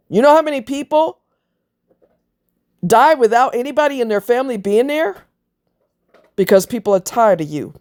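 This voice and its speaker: A woman's voice: a little high, expressive, moderate pace, pauses often, darkish tone. A woman ranting to her viewers in a blunt, scornful, profane way, mocking others in voiced quotes. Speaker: vlogger.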